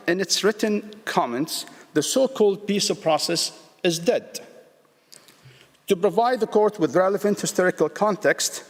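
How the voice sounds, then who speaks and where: Man pleading formally in a reverberant hall. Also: fairly high pitch. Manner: measured and deliberate, with frequent restarts. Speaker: state representative pleading before an international court. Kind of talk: formal legal address, read from a prepared text. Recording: long reverb of a large hall.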